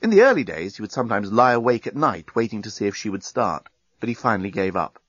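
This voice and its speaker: A man reads a comic novel aloud in a wry, measured way, his voice rising and falling with plenty of life. The sound is dry and close, a little dull on top. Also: on the low side, big pitch swings, slightly rough, no echo. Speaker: audiobook narrator. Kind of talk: scripted narration.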